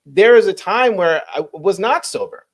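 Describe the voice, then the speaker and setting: A man's voice: high-pitched, lively intonation, normal speed. Earnest reflective male podcast host. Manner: reflective, earnest, tags lines with "right?". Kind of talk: casual podcast conversation. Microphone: remote video call.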